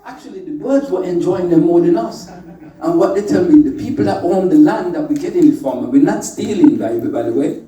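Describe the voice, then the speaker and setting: A man's voice: sits high, expressive, brisk, mellow. A man giving an informal, playful talk to a live group, calling out to the audience and teasing them with wordplay. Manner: playful, chatty, calls out to the audience. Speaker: speaker at a spiritual workshop. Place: indoor meeting room with an audience. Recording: echoey room, voice from a distant mic.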